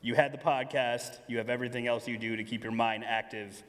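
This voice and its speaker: A man co-hosts a live show and puts his questions in a measured, deliberate way. His pitch is ordinary. His voice rings out with a long reverb across a large hall. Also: fairly even intonation, a bit bright. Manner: measured, probing interview questions. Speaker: producer and co-host. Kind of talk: live stage interview.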